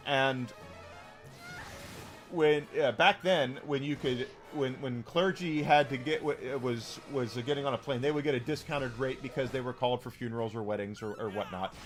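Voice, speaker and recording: A man's voice: mid-range voice, moderate pace, faint music behind. A man streaming a game and telling a long story in a rambling, casual way, full of restarts and fillers.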